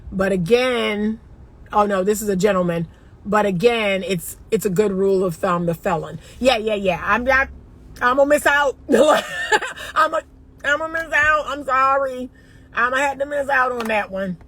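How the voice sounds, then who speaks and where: A woman's voice: mid-range voice, normal speed, a bit bright. A middle-aged woman from the northern US, a dating coach chatting emphatically and directly to her viewers. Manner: emphatic, talks straight to viewers as y'all. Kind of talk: casual livestream chat.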